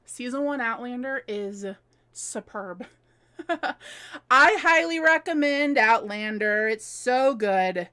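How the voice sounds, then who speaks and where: A woman's voice: fairly high pitch, expressive, takes it slowly, sharp tone, clean tone. A woman in her thirties hosting a live stream from her home, chatting casually, answering viewer comments and laughing often.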